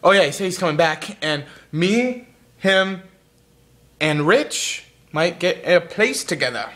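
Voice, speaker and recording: A man's voice: sits high, animated, slow pace, a bit bright. A young man chatting casually in a home vlog, rambling and goofy, jumping between topics while he eats. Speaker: vlogger.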